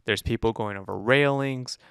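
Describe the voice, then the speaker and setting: Guy with a gravelly voice, casual podcast chat, teasing and loose, dry close mic. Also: mid-range voice, moderate pace, fairly bright tone, no room sound. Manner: teasing, laughing, loose and rambling. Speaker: podcast co-host. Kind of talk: casual movie review chat.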